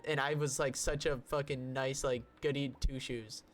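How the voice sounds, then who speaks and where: A young man co-hosting a podcast, telling a story in a casual, animated way and swearing often. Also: mid-range voice, moderate pace, soft background music. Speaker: podcast co-host.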